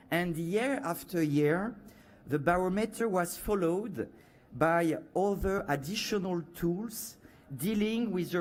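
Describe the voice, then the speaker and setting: Man, French accent, unhurried, measured conference talk, filler-laden. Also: high voice, darkish tone. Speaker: panelist from a media regulator. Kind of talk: prepared conference presentation. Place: festival conference panel.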